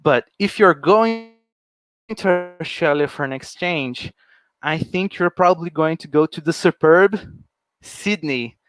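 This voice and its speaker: A man's voice: on the high side, a little slow, fairly bright tone, clear, resonant tone, dry recording. A young man from Brazil, giving a friendly, enthusiastic presentation while walking through slides. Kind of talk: informal presentation.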